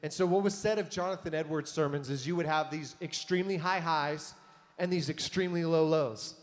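A man preaching a sermon in a conversational, animated way, reading scripture and adding casual asides to his audience. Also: fairly high pitch, fairly quick. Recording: long hall reverb.

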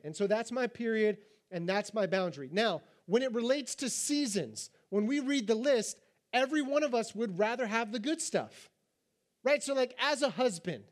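A man in his thirties preaches to his congregation in a high, light voice. He jokes with the front rows and moves between animated asides and hushed, measured scripture reading. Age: 30s. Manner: animated and playful, reads scripture low and quiet. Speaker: pastor. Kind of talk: sermon. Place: church hall with a congregation.

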